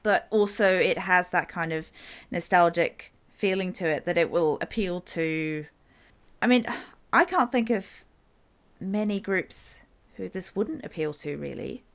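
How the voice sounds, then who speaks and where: A woman podcast host interviewing a guest, asking halting questions and offering enthusiastic praise. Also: fairly low pitch. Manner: halting, restarts sentences, enthusiastic.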